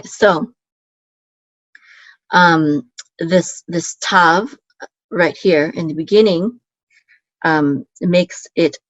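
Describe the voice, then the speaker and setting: A woman teaching a relaxed online language lesson, explaining patiently and often checking in with "okay?". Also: on the low side, no room sound. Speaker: Biblical Hebrew teacher. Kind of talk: casual screen-share lesson. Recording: dull, dry lo-fi sound.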